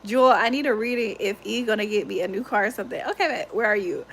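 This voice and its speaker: A woman's voice: mid-range voice, fast talker, vocal fry, a bit bright. A young woman hosting a livestream, chatting casually and animatedly, laughing often and swearing freely. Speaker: livestream host.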